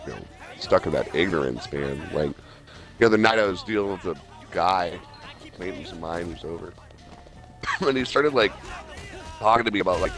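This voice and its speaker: A man's voice: low-pitched, lively intonation, moderate pace, pauses often, fairly bright tone, soft background music. A man streaming a game, chatting casually in a rambling, profane way full of fillers. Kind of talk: casual chat while gaming.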